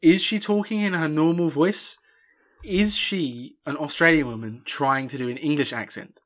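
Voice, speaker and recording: A young man co-hosting a casual film review podcast, rambling and animated, with lots of fillers and restarts. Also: fairly high pitch, moderate pace. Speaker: podcast co-host.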